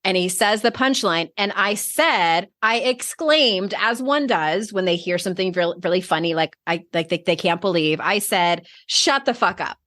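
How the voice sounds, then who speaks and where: A woman's voice: fairly low pitch, moderate pace, few pauses, fairly bright tone, dry recording, studio quality. A woman hosting a podcast, chatting candidly, laughing often and swearing freely. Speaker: podcast host. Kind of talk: casual conversational interview.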